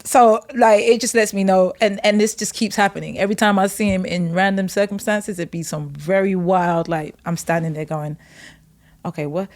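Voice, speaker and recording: Animated woman telling a story. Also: medium pitch, a little fast, few pauses. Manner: animated, acts out quotes with laughs. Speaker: podcast guest. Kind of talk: casual storytelling.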